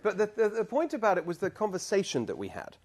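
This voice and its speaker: British guy, middle-aged, campaign talk at a bbq place, jokey with the crowd, voice a bit high. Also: wildly swooping pitch, quick pace. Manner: chatty, self-deprecating, banters with the crowd. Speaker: political candidate. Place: barbecue restaurant event.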